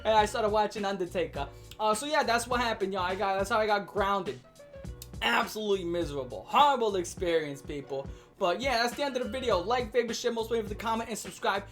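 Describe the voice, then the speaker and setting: A man in his late twenties telling a childhood story in a casual vlog rant, animated and profane, laughing and full of slang. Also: high-pitched, fast, faint music behind. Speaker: vlogger ranting about his childhood.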